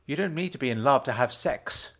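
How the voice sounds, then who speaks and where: A man's voice: medium pitch, lively intonation, fairly quick, pitched above the performer's own voice. A man reading a story aloud, voicing a married woman who snaps angry accusations at her husband and his friend. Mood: accusing. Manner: accusing, snapping, loud. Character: middle-aged wife, furious, accusing, sharp-tongued.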